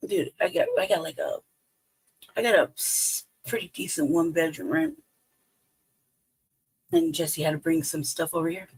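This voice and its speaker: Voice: mid-range voice, moderate pace, pauses often, husky, poor audio. A live-stream host from Colorado telling a profane, rambling story at home, swearing constantly and laughing between lines. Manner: lively storytelling with quoted asides. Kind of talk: casual profane rant. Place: home, indoors.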